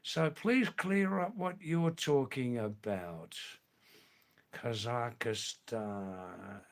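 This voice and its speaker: A man born in England hosting a live stream, answering viewer comments in a slow, halting way that repeats phrases. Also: a little high, big pitch swings. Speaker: livestream host.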